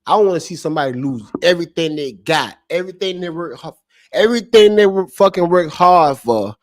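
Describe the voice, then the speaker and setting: A man talking straight to his stream chat in a fired-up, cursing way, circling back to the same lines again and again. His voice sits a bit high for a man. The sound is dry and close, with no room echo. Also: animated, fairly quick. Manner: heated, profane and repetitive, restating each point. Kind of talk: unscripted live-stream commentary.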